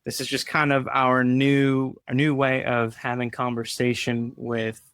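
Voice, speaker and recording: A man's voice: medium pitch, little pitch movement, a little slow, fairly bright tone, smooth. A man hosting an unscripted live chat in an easygoing, rambling way, cracking small jokes as he goes. His voice sits mid-range, and the sound is dry and close with no room echo. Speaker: podcast co-host. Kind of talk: casual live-stream chat.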